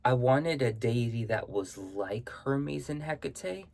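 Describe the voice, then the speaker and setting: A man talks in a relaxed, unscripted way to his viewers about his practice. His pitch sits in an ordinary middle range. He meanders, restarts thoughts and loops back to rephrase them. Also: takes it slowly, vocal fry. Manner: rambling, circling back to rephrase. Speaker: vlogger answering viewer questions. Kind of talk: casual spiritual chat.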